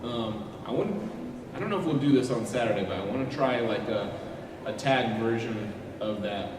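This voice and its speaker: A man's voice: medium pitch, lively intonation. Man coaching a crowd in a hall. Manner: halting, self-correcting, many fillers. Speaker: musician leading a crowd sing-along. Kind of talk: live panel Q&A, coaching an audience. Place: large convention hall. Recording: echoey hall from far off, noisy.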